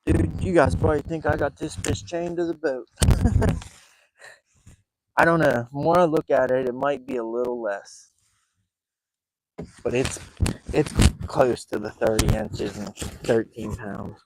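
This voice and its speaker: A man live-streaming a night fishing trip from a small boat, talking in an excited, rambling way and breathing heavily. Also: medium pitch, a little slow, pauses often, very noisy. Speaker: fishing vlogger. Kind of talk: live outdoor fishing vlog.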